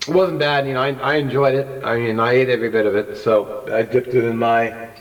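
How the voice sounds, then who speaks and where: A man's voice: mid-range voice, fairly even intonation, fairly quick. A man in casual stream chat, talking mildly and hesitantly, a bit self-critical about his cooking. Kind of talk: casual chat while eating. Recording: distant, muffled mic.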